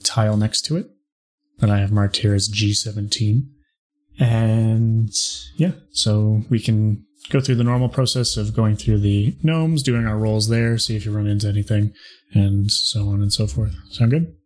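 A man running a tabletop role-playing game as game master, narrating in a fairly flat, relaxed way. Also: fairly low pitch, normal speed. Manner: relaxed, self-described monotone narration.

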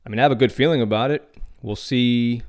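This podcast host runs through fight news alone, sounding relaxed and opinionated and sometimes restarting his sentences. He speaks at a medium pitch, fairly fast, with a slightly mellow quality.

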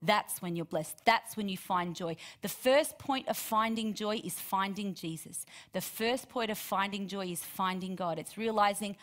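A woman preaching a sermon, reading scripture aloud and then explaining it in an earnest, animated way. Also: medium pitch, normal speed, few pauses.

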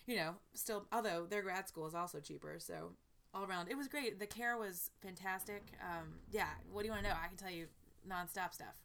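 A woman's voice: mid-range voice, brisk, fairly bright tone, a little hiss or hum. A woman from the American South, a touring performer, chatting eagerly as a guest with lots of restarts. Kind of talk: casual conversation.

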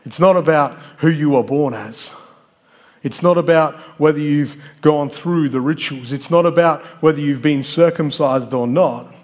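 A man's voice: on the high side, unhurried, a little mellow. A man preaching a sermon, conversational and emphatic, building points through repetition and bantering with people in the congregation.

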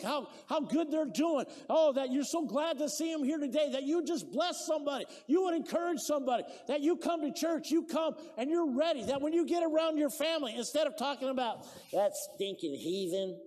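A male pastor preaching a sermon, impassioned, swinging from loud exhortation to quiet storytelling. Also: very high voice, long reverb tail.

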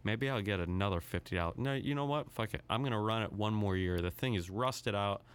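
A man's voice: lowish voice, fairly quick, clean tone. A man hosting his own podcast, rambling through a casual, profane solo rant with a self-deprecating edge. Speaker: podcast host.

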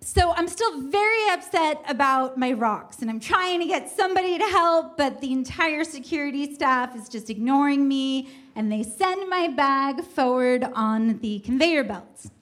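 Woman storyteller, high voice, unhurried delivery, wry and self-mocking. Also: fairly bright tone. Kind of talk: first-person comic storytelling.

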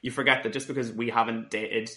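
A man talks fast in relaxed podcast chat, his mid-range voice bright and forward. He is chatty and easygoing as he leads the wrap-up. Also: mid-range voice. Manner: chatty, wraps up the episode. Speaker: podcast co-host. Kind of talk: casual chat.

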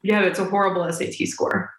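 A woman in her twenties chatting over a video call, her humor dry and teasing. Her voice sits at a middling pitch. An echo hangs around her voice from the room. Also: steady tone, fast. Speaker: podcast co-host. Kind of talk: casual chat.

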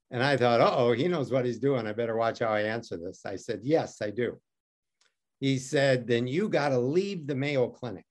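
A man from Detroit tells a story as an interview guest. He is wry and self-mocking and acts out each quoted line. His pitch rises and falls a great deal as he talks. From Detroit, USA. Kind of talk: animated storytelling.

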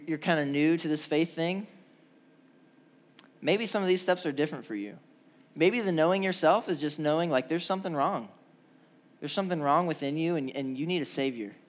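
A young man preaching to a church gathering, earnest and full of lively stories. His voice sits a little high and carries through a church hall. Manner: animated storytelling, lively and earnest. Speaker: pastor. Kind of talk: sermon.

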